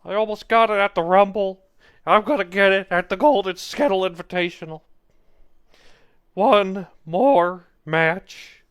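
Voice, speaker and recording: Man doing an aging wrestler, raised high voice, earnest, smooth. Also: a little slow, a bit bright. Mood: determined. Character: aging male wrestler, determined, weary.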